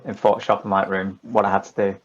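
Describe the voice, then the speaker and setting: A man's voice: deep voice, level tone, fast, dull audio. Chatty man with a Lancashire accent. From northern England. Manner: chatty, swearing, jokey. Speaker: podcast guest. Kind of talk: casual chat.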